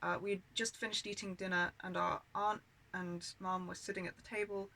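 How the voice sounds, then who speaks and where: A British woman with a bright voice tells personal stories from her childhood. She talks candidly and with a grievance, swearing often and leaning on filler words. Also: mid-range voice, level tone, moderate pace, rough recording. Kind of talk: personal storytelling monologue.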